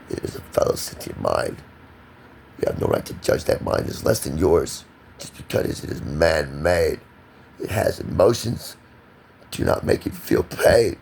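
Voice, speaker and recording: Man vlogger, gravelly and lively in pitch, preachy rambling delivery over a noisy background. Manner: emphatic, repetitive, preachy. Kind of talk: rambling monologue to camera.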